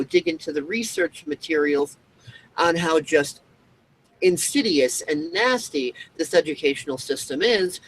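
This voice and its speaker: A man's voice: fairly high pitch, slight background noise, low-quality recording. A man hosting a show, ranting in a rambling monologue full of fillers and restarts. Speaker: show host.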